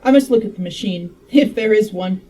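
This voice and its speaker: An urgent Victorian inventor pressing his point, as a woman puts him on in a storybook reading. The voice is mellow and a touch high, set back from the mic with a faint hiss behind it. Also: brisk, recorded from a distance, lightly acted, low-quality recording. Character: agitated Victorian male inventor.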